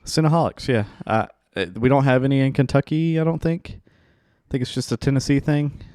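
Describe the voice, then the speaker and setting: A man hosting a casual sports podcast with his co-hosts, energetic and rambling, with frequent restarts. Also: mid-range voice, a little fast, no echo, studio quality. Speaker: podcast host. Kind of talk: casual chat.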